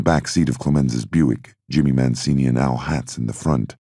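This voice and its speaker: Male audiobook narrator: steady reading, extremely low and raspy. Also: normal speed, no echo, studio quality.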